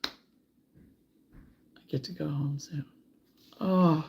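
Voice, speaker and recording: A woman hosting a casual crochet livestream, chatting warmly and reading out viewer comments, sometimes close to tears. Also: deep voice, fairly even intonation, slow pace, vocal fry, dull audio, a little hiss or hum. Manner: warm, emotional, reads viewer comments aloud.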